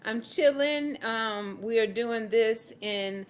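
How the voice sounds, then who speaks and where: Southern lady hosting a live stream, laid back, talks slow and easy. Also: fairly high pitch. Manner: relaxed and upbeat, slow-paced. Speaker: host. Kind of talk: casual live-stream chat.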